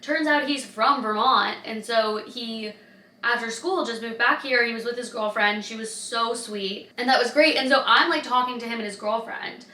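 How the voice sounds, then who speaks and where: A woman's voice: fairly high pitch, normal speed, far from the mic. A young woman vlogging in a casual, chatty way, telling stories with lots of "like". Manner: chatty, lots of "like", animated retelling. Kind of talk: casual vlog chat. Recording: roomy sound from off-mic.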